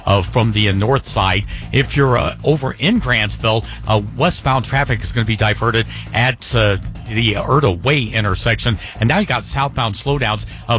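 A man reads a radio traffic report briskly, with many "uh" fillers. A faint hiss sits under his voice. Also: on the low side, a bit bright.

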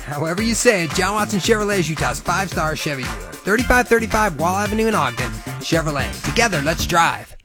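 An announcer runs through friendly radio ad patter at a quick clip. The pitch moves a lot, with music underneath. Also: animated. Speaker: car dealer ad voice.

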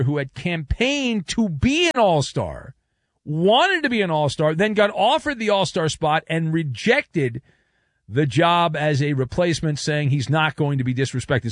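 A man hosting a casual sports talk show, sarcastic and animated, who acts out the exchanges he quotes. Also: a little high, no echo, clean studio sound. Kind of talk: casual sports commentary monologue.

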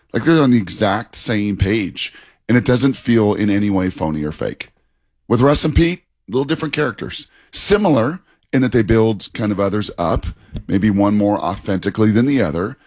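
A man co-hosting sports talk radio, chatty and animated, laughing as he talks. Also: lowish voice, brisk, dry recording, clean studio sound.

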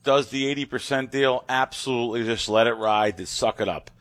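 A man co-hosting a sports betting show, giving measured advice. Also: mid-range voice, a bit bright, no room sound. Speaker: podcast co-host. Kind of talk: casual sports chat.

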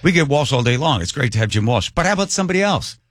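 Animated male radio host telling a story. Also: very fast, no room sound, studio quality. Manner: animated, acts out quoted voices, jumps pitch for emphasis. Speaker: radio talk show co-host. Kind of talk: casual storytelling on air.

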